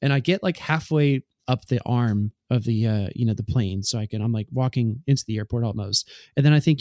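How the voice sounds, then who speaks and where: Casual male podcast co-host, mid-pitched, long rambling story, dry close mic. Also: brisk, few pauses, darkish tone, dry recording. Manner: rambling, anecdotal, many "like" and "right?" fillers.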